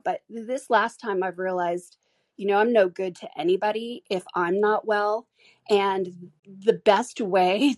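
A woman's voice: medium pitch, darkish tone, dry recording. A woman hosting a solo podcast, speaking candidly and emotionally with frequent restarts. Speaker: podcast host.

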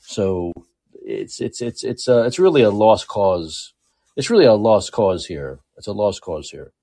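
A man with a New York accent delivers a political commentary monologue, hammering his points home by saying them again and again. His voice sits fairly low, with a husky edge and a warm, dark tone, and his pitch swings widely as he presses each point. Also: lively intonation, unhurried. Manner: emphatic and repetitive, restating points. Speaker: show host.

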